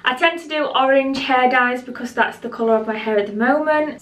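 A woman with a fairly high voice chats casually to camera as a beauty vlogger. She rambles a bit and sounds slightly out of breath. The sound bounces around the room, and she sits a little back from the mic. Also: fairly bright tone. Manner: chatty and rambling, speaks straight to viewers. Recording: roomy echo, voice a bit distant from the mic.

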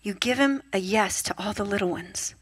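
A woman pastor preaching a sermon, telling stories with lively acted-out quotes. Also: medium pitch, normal speed, breathy edge, dry recording. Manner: lively storytelling, acts out voices and quotes. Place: church.

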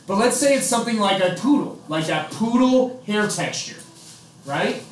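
A man's voice: high-pitched, a bit bright, a little hiss or hum. A man teaching a biology class, chatty and joking, quizzing his students as he explains. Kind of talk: classroom lecture. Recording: echoey classroom.

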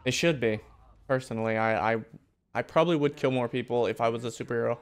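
A man's voice: medium pitch, quick pace, smooth. A young man giving casual gameplay commentary, brash and joking, swearing often and talking back to the game. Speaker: gaming video host.

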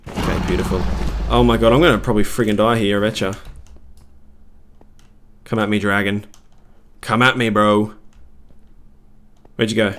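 A man's voice: fairly low pitch, steady tone, moderate pace, pauses often, fairly bright tone, a little hiss or hum. A man commentating his own gameplay live, swinging between panic and cheering. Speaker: gaming video creator.

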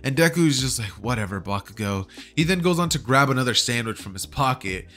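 A man's voice: medium pitch, lively intonation, quick pace, sharp tone. A man casually telling a fan story, chatty and slangy, often checking in with his listeners. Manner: chatty, slangy, keeps asking "right?". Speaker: YouTuber.

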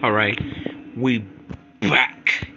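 A young man casually commenting on a horror game he is playing, teasing the enemies and yelling in fright when they chase him. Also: medium pitch, steady tone, extremely slow, creaky, lo-fi sound, heavy background noise. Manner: playful trash talk, nervous yelling when chased. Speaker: gaming streamer. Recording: loud background music.

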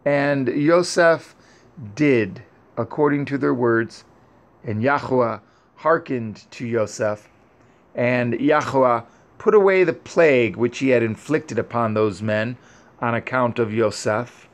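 A man reading an ancient scripture narrative aloud in a solemn, measured way. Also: medium pitch. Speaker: reader.

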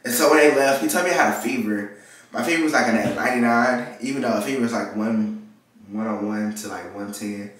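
A man's voice: lowish voice, a little fast, a bit bright, far from the mic. A nineteen-year-old man from Texas, telling a casual story time and animatedly acting out the people in his story. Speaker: vlogger. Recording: very echoey room, mic set back.

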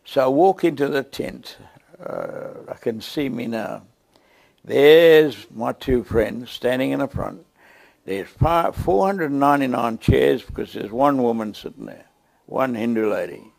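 A man with a South African accent telling a lively testimony story to a church, acting out the scenes as he goes. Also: medium pitch, measured pace, vocal fry. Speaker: guest preacher.

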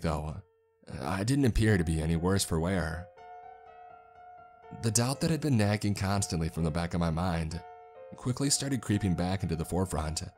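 A man narrating a first-person horror story in a measured, storytelling manner. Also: low voice, a little mellow. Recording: faint background music.

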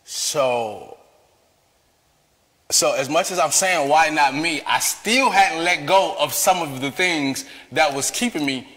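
Guy telling his testimony, super animated, bright tense voice, laughs a lot, big reverb. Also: a little high, slow pace. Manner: lively, laughs often, calls himself a talker. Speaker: guest sharing testimony. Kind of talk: animated personal storytelling.

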